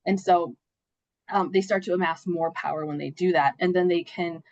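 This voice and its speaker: A woman with a low voice presents slides in a webinar over a dull, dry video-call line. She is losing her voice and keeps clearing her throat. She talks in a loose, conversational way, with fillers and "right?" asides. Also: steady tone, normal speed, darkish tone, no echo.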